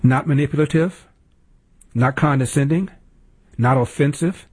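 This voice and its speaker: A man with a gravelly, husky voice hosts a talk show, delivering sarcastic political commentary with mounting indignation. He leans on emphatic repetition and also reads ads in the same voice. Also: mid-range voice, moderate pace, long pauses, darkish tone, dry recording. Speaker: radio talk host.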